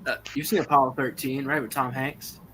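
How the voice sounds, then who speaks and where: Bright-voiced man sharing movie trivia. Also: medium pitch, level tone, fairly quick, slight background noise, low-quality recording. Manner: enthusiastic, rattles off movie trivia. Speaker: guest on a birthday stream. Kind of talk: casual chat.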